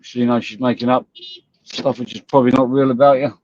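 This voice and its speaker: A man's voice: mid-range voice, level tone, fast talker, darkish tone. A man hosting a live stream, ranting bluntly and scornfully at viewers and rivals, with frequent swearing. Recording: dull lo-fi stream audio.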